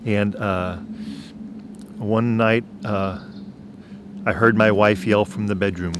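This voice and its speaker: A man telling his faith testimony on his own channel in an earnest way, clearing his throat at times. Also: lowish voice, a little hiss or hum. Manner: slow, earnest, preacher-like. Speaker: channel host.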